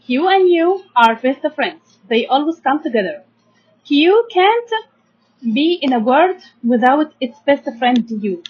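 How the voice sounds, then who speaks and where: A woman's voice: high-pitched, animated, a little slow, few pauses, husky. A young Egyptian woman teaching primary science, patiently sounding out words syllable by syllable and checking in with her students. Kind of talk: slow classroom explanation to children. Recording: dull lo-fi sound.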